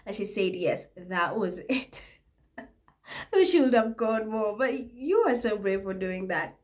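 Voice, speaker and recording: A woman's voice: mid-range voice, unhurried. A young adult woman hosting a casual vlog, reading viewer comments aloud with frequent laughter and mocking asides, and she has a cold.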